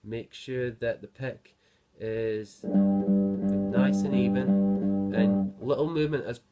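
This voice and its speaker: A man with a low voice takes his time teaching guitar, patiently explaining and counting the beats aloud while playing. The audio sounds dull, and the loud guitar sits over his voice.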